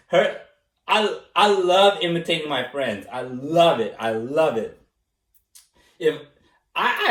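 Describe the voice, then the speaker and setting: Self-mocking man in an echoey room. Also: on the high side. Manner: animated and self-mocking, laughing often, doing impressions. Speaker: interviewee, former student. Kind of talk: casual interview. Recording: echoey room, mic at a distance.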